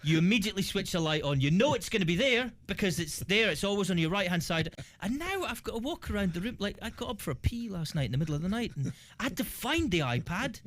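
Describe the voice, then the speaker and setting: A Scottish man, a comedian guest on a talk show, telling animated comic stories and acting out the people in them. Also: high voice, quick pace, few pauses, no room sound. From Scotland. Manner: animated, acts out dialogue with voices. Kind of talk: comic storytelling.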